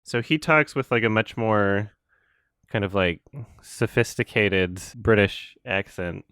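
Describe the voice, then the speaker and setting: A man's voice: fairly low pitch, slow, a bit bright, clean tone, dry recording, studio quality. A man co-hosting a podcast, chatting casually about a film, rambling and laughing often. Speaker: podcast co-host.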